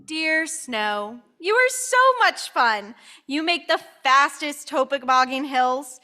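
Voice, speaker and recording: A woman's voice: high-pitched, animated, slow pace, bright, forceful tone, full character voice. A woman reading the lines of a cheerful little girl from a storybook during a church service, in an earnest, sing-song way. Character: cheerful little girl writing love letters. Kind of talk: reading a picture book aloud in church.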